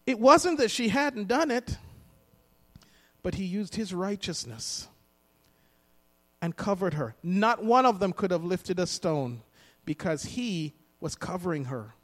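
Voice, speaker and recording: High-voiced preacher in a reverberant hall. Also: male voice, big pitch swings, unhurried, pauses often. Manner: emphatic, repeats lines for the congregation to echo. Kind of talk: sermon.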